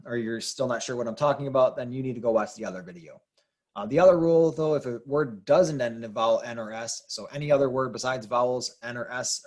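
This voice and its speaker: A man teaching a lesson, explaining rules patiently and repeating key points. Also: mid-range voice. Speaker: Spanish teacher. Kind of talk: classroom explanation.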